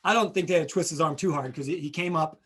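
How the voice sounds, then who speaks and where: Talking fast in a high, somewhat bright voice, a middle-aged man hosts a podcast full of casual chat. His stories ramble, and whenever he quotes someone he performs them with a voice of their own.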